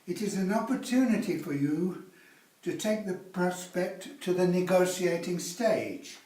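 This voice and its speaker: Slow-talking male sales instructor, roomy sound. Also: high voice, lively intonation, dark tone. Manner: teasing, uses rhetorical tag questions. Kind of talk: classroom lecture. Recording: roomy, from a distance.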